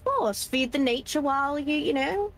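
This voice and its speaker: A woman's voice: sits high, lively intonation, normal speed. A woman playing a polite, mildly wry male investigator in a tabletop game. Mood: genteel. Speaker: player.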